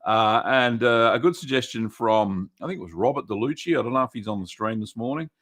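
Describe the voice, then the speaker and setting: A man's voice: mid-range voice, a little fast, a bit bright. A man with an Australian accent hosting a casual livestream, greeting viewers by name with lots of "um" and "uh". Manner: chatty, greets viewers by name, many fillers. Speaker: livestream host.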